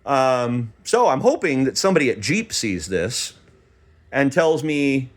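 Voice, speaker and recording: A middle-aged man telling a story in a casual vlog, animated and exasperated, acting out quoted dialogue as he goes. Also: medium pitch, unhurried. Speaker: vlogger.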